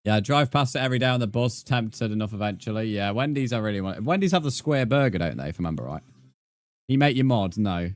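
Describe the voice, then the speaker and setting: A man's voice: on the low side, animated, fast, no room sound. A man, chatting casually with viewers while streaming a game and answering their comments. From England. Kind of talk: casual live-stream chat.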